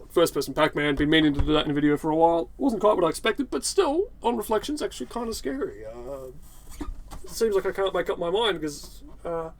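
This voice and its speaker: A man's voice: on the high side, low-quality recording. A young man rambling and swearing in sardonic commentary while he plays a video game in a hot room. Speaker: gaming YouTuber. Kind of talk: rambling commentary over gameplay. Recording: game music clearly audible behind.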